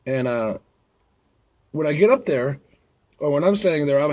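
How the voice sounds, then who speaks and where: A man's voice: on the high side, expressive, normal speed, long pauses, darkish tone. A young man who works as a bar bouncer, telling stories in a blunt, rambling way and acting out drunk patrons. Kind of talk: casual storytelling vlog.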